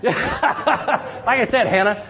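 A middle-aged man preaching a sermon as pastor, lively, calling for responses from the congregation. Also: very high voice, drawn-out words, a crowd in the background.

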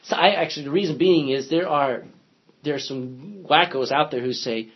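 A man teaches a Bible study class, reading verses aloud and questioning his group. His voice is husky and sits a little high. The recording sounds dull and lo-fi. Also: moderate pace. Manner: reads scripture aloud, asks the class questions.

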